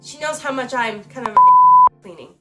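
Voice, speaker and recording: Over loud music, a young YouTuber with a high-leaning, lively voice talks briskly as she opens a present at home. She giggles and gushes through the casual, emotional unboxing while another person films her using the camera's microphone.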